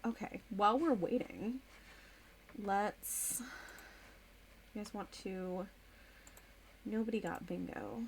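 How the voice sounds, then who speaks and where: A woman streamer from the United States talks to her chat in a relaxed, unhurried way, often trailing off as she reads messages and types. Her pitch sits in the middle. There is a faint hiss of noise under her voice. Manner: chatty, distracted, reads chat aloud and types. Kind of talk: casual live-stream chat.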